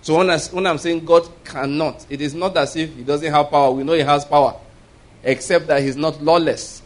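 Chuckling preacher man, higher voice. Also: steady tone, moderate pace. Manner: storytelling with frequent chuckles and repeated words. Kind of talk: sermon.

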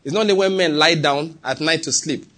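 A man's voice: on the high side, a little fast, fairly bright tone. A middle-aged man with a Nigerian accent preaching a sermon, emphatic and often asking his listeners questions. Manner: emphatic, asks the congregation questions. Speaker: pastor.

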